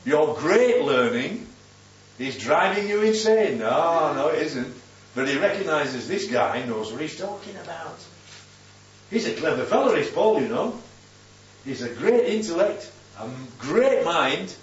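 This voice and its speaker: Preacher, man, animated and fairly high, roomy, dull recording with a faint hum. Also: measured pace, far from the mic. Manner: conversational, keeps asking "yeah?". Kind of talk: Bible teaching sermon.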